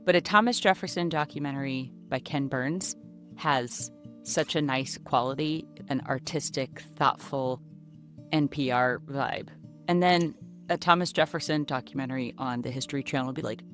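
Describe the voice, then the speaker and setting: A woman's voice: sits low, lively intonation, moderate pace, soft background music. A woman hosting her own podcast alone, chatting casually in a goofy, self-mocking way, recorded in a small closet. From United States. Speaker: podcast host and comedian. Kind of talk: casual solo podcast chat.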